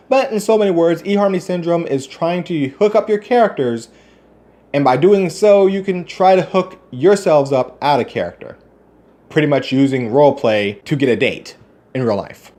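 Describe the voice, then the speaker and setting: A man's voice: mid-range voice, a little mellow. Guy ranting on his vlog, brash and sweary, sarcastic, voice jumps around a lot. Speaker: channel host. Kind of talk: casual commentary vlog.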